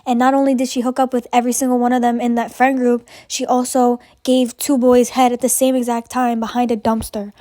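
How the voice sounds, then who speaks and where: A woman's voice: a little high, level tone, fairly quick, hardly any pauses, mellow, no echo, lightly acted. A woman voicing a gossiping teenage girl who lists rumors in a matter-of-fact way, close to her own voice. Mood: gossipy.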